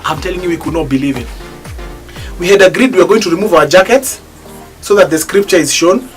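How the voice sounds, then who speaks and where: Male gospel singer, animated storyteller, loud bursts of excitement, music playing behind. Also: fairly high pitch, fairly quick. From East Africa. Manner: animated, jumps to loud exclaims when excited.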